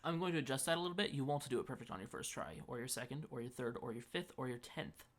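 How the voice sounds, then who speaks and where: A man's voice: mid-range voice, fast, fairly bright tone. A man co-hosting a casual live-stream chat, making blunt, dry and contrarian remarks.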